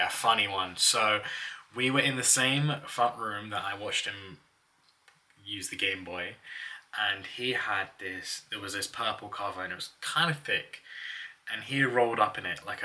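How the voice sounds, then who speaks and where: A man's voice: on the low side, bright, forceful tone, far from the mic. A young man telling personal stories in a casual, chatty way, often laughing as he talks. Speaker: vlogger.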